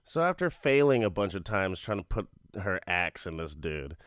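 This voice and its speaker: Male podcast host, loose and profane amused storytelling, smooth voice, dry close mic. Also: low voice, big pitch swings, normal speed, a bit bright, no room sound. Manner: rambling, profane, amused storytelling with frequent laughs. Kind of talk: casual comedic episode recap.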